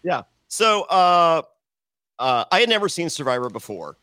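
A man's voice: fairly high pitch, very animated, moderate pace, pushed and bright, clean tone, no echo. A man guesting on a podcast, telling brash, profane stories with many restarts. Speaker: podcast guest, former reality show contestant. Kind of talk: casual storytelling chat.

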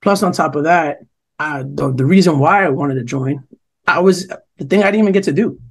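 Husky young guy from jersey, swears a lot, rambles thru a story on a podcast. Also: fairly high pitch, a little fast. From New Jersey. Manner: profane, animated storyteller quoting others. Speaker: podcast co-host. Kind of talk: casual storytelling chat.

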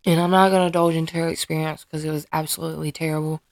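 Mom podcaster, low gravelly voice, kinda halting and earnest, dry close sound. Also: female voice, little pitch movement, dry recording. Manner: hesitant, searching for words, many restarts; earnest and emotionally open. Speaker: podcast host and mother. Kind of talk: candid personal podcast monologue.

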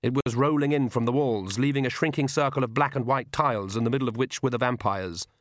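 A man reading a novel aloud as the audiobook narrator, telling the story in a measured, even way. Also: mid-range voice, dry recording, clean studio sound. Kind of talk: scripted narration.

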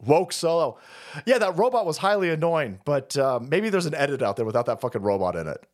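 A man's voice: fairly high pitch, very animated, brisk. A man hosting a live stream, ranting in profane, mocking comedic commentary and laughing often.

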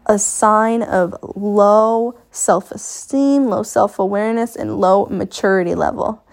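A woman's voice: medium pitch, vocal fry, a little mellow. A woman hosting her own podcast, talking on her own in a blunt, profane, motivational way. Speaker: podcast host. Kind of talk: casual solo podcast monologue. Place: home in Maine.

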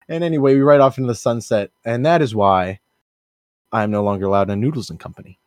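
A young man co-hosting a podcast, telling a rambling absurd story in an animated way and shouting out the characters' lines. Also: mid-range voice, fast talker, no room sound. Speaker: podcast co-host.

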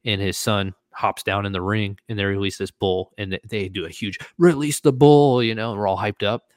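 Low-voiced man, animated storyteller. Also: a little fast, smooth, no echo. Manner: animated, acts out quoted voices. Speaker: podcast host. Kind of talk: casual storytelling.

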